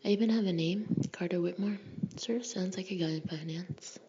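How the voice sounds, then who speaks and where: A woman's voice: lowish voice, a little fast, warm tone. Whispering woman reading a novel. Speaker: audiobook narrator. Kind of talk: whispered audiobook narration. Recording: dull lo-fi recording with faint hiss.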